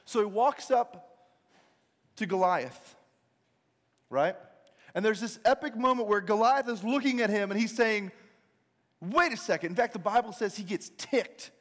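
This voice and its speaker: A man preaching a sermon, telling the story in a casual, animated way with joking asides. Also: sits high, unhurried, pauses often. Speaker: pastor. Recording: reverberant large hall.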